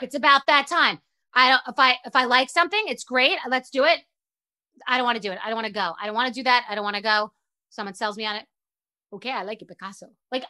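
A woman hosting a show, talking in a casual, animated, profane rant that mocks herself. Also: high voice. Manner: animated, profane, self-mocking. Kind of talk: casual ranty monologue.

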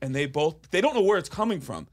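A man co-hosting a podcast, telling a story in relaxed casual chat. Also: fairly high pitch, fast talker. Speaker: podcast co-host.

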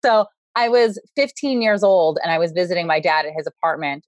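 A woman author as a podcast guest, telling stories quickly and playfully, laughing often and swearing. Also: on the low side, no echo. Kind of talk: casual chat.

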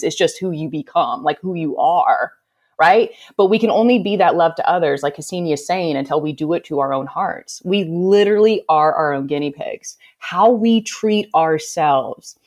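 A podcast guest with a fairly low, darkish voice talks about self-love in a spiritual self-help conversation. She's emphatic and heartfelt, with frequent "like" fillers.

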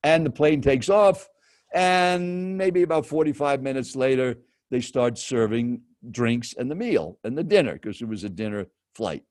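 A male professional speaker tells a host a personal anecdote as a lively storyteller, turning to his listener with direct questions. His voice is mid-range, with no echo and clean studio sound.

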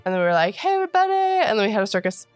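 A woman voicing an excitable, simple young male creature in a tabletop game, rambling breathlessly. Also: mid-range voice, racing, soft background music, close to an everyday voice. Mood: excited rambling. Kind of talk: tabletop role-play in character.

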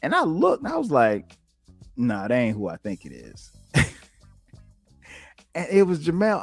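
A man from South Carolina hosting a podcast, telling stories in a relaxed, casual way and jumping up in pitch when he quotes himself. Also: measured pace, creaky, long pauses, husky, no room sound, faint music behind. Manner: animated, jumps high when quoting himself. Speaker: podcast host. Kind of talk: casual storytelling.

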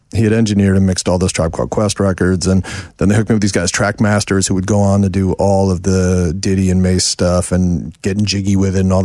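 A man's voice: low-pitched, mellow, no room sound, clean studio sound. A middle-aged man, a songwriter and producer, telling rambling, self-deprecating stories as a guest in a casual interview.

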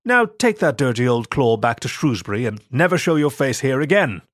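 A man's voice: medium pitch, sing-song, moderate pace, no echo, clean studio sound, close to an everyday voice. Brief: sneering young vicar in a storybook, a man reading him, mid voice, grumbling and dismissive.

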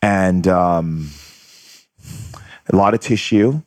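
Brief: man with a very low voice, earnest storyteller, close dry sound. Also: very slow, a little mellow, dry recording. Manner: earnest, re-enacts voices in quotes. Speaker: guest. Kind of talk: personal storytelling in conversation.

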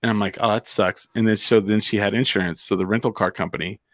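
A man's voice: fairly low pitch, fairly even intonation, quick pace, no echo, clean studio sound. A man from New Mexico telling a long story in casual chat, rambling with fillers and acting out quotes.

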